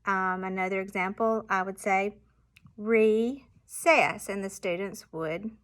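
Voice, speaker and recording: A woman primary school teacher explaining reading exercises to parents, patiently sounding out example words with clear emphasis. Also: medium pitch, fairly even intonation, moderate pace, a bit bright.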